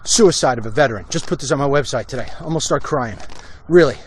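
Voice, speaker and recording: A middle-aged man with a medium-pitched voice talks fast, with a little hiss or hum in the recording. He hosts a walk-and-talk live stream outdoors on a residential street, bluntly monologuing about politics into his phone as he goes.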